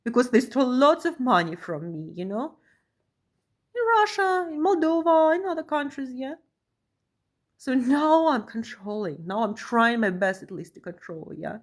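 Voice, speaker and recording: A woman talking to camera in an emotional vlog monologue, tagging her phrases with a questioning "yeah?" and swinging between pressing outbursts and quiet, low stretches. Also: big pitch swings, normal speed. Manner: keeps adding a questioning "yeah?" after phrases. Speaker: vlogger.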